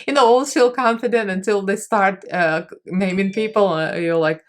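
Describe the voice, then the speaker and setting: A woman's voice: medium pitch, brisk, hardly any pauses. A woman makeup artist chatting casually in a vlog, rambling and poking fun at herself as she talks through a tutorial voice-over. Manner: chatty, rambling, self-mocking.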